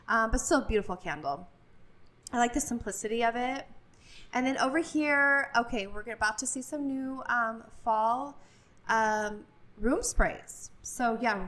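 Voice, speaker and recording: A woman's voice: fairly high pitch, fairly bright tone. A woman vlogging a casual walk through a large store, chatty and gushing, with many fillers, recorded on a handheld phone. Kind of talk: casual store walkthrough vlog. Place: large retail store, indoors.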